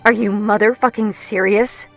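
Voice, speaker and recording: A woman's voice: medium pitch, fairly even intonation, moderate pace, vocal fry, soft background music, lightly acted. A woman voicing a brash young woman who is direct, bossy and foul-mouthed. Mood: shocked. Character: bold, brash young woman, blunt best friend.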